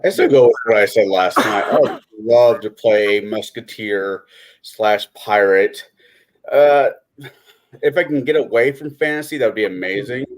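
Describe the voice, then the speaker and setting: A man's voice: lowish voice, unhurried. A man talking earnestly and a bit hesitantly in a casual group chat.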